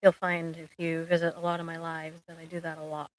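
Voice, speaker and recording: A woman's voice: low voice, monotone, brisk, dry recording, rough recording. Chatty, joking woman therapist on a livestream. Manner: chatty, jokey, uses analogies and playful asides. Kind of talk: casual live chat.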